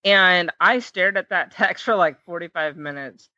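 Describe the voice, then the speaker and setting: A woman guest, a fight matchmaker, chatting in a casual interview, excitable and quick to laugh. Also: lowish voice, no room sound, highs cut off. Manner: excitable, laughs often, self-described nervous reactor. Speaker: MMA matchmaker and commentator, guest.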